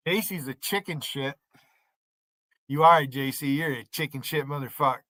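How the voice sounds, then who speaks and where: Male streamer, combative and foul-mouthed, calls out chat viewers; slightly high, sharp-toned voice. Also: normal speed, no echo. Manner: profane, taunting, combative; addresses chat viewers by name. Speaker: livestream host. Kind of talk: ranting livestream commentary.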